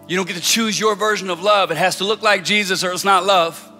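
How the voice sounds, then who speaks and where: A man preaching a sermon as a pastor, telling stories casually, then building to loud, fervent prayer. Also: high-pitched, fairly even intonation, a little fast. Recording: music and long hall reverb.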